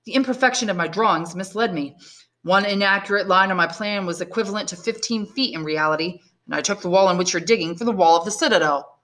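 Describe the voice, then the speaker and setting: Lady doing a wary old prisoner guy, guarded and bitter, bright voice. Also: medium pitch, quick pace, lightly acted. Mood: regretful.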